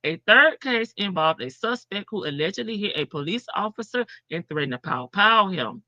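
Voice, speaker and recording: A woman's voice: medium pitch, lively intonation, moderate pace, sharp tone, dry recording. A woman hosting a casual live stream, reading news aloud and greeting her viewers by name. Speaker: livestream host. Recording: slightly dull, dry stream audio.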